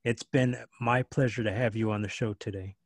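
A man's voice: fairly low pitch, fairly even intonation, moderate pace, no room sound. Gracious man hosting a podcast. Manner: effusive and gracious, repeating words. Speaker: podcast host. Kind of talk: casual interview talk.

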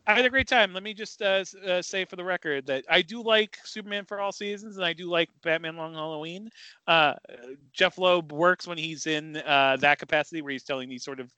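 A man's voice: a little high, a little fast, bright, forceful tone, clear, resonant tone, no echo, highs cut off. A man co-hosting a podcast in casual chat, rambling and opinionated with enthusiasm. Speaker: podcast co-host.

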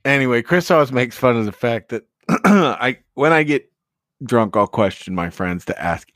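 A man's voice: medium pitch, moderate pace, no echo, studio quality. A man hosting a comedy podcast, laughing as he tells stories and plays along with bits. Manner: laughing, animated storytelling. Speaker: podcast host. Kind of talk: casual comedy podcast chat.

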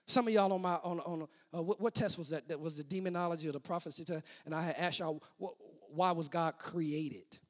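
A man preaching a sermon, starting as casual teaching and building to loud shouted preaching, repeating and restarting his words. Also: fairly high pitch, brisk, few pauses.

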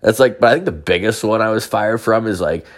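A man's voice: fairly low pitch, brisk. A young man telling crude stories in a rambling, casual way, full of filler words and swearing. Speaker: storyteller. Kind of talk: casual storytelling.

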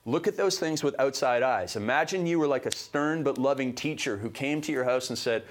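High-energy motivational man from Canada. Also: fairly quick. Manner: high-energy, emphatic, fired-up delivery. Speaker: podcast co-host. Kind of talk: motivational podcast talk.

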